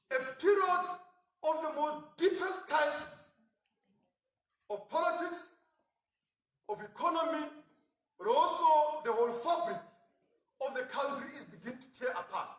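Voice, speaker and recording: Impassioned union speaker. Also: male voice, very high-pitched. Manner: impassioned, repeatedly addressing "comrades", builds to shouts. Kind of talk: rally speech. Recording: echoey public address from a distance.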